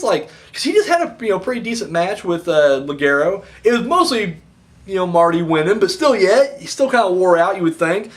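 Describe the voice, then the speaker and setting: Man hosting a casual review vlog, high voice, bouncing all over the place, rambling and swearing. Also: brisk. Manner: rambling and animated, acts out quotes in voices, swears freely. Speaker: wrestling show reviewer.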